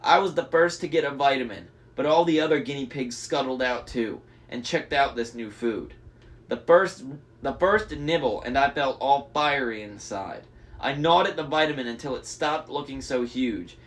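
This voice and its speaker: A man's voice: medium pitch, normal speed, a bit bright. A young man reading a novel aloud, breaking off for enthusiastic, chatty fan commentary. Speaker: audiobook reader.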